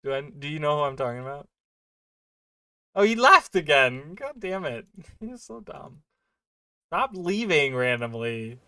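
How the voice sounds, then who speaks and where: A man's voice: on the high side, sing-song, unhurried, pauses often, bright, forceful tone, clear, resonant tone, no room sound. A man streaming a game and chatting casually, rambling with many fillers and restarts. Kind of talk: casual livestream chat while gaming.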